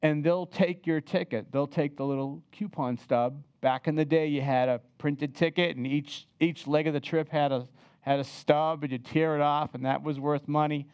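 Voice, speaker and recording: An older man telling a personal travel story in a lively, chatty way, often turning to the listeners to share a memory. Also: fairly high pitch, normal speed, smooth, no room sound, dull audio. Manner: animated, chatty, asks the listeners to remember with him.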